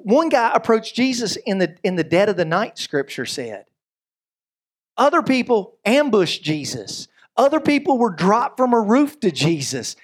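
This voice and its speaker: A man giving a sermon as a pastor. He tells stories with lively humor and often drifts into asides. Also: extremely high pitch. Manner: lively, joking storyteller with frequent asides.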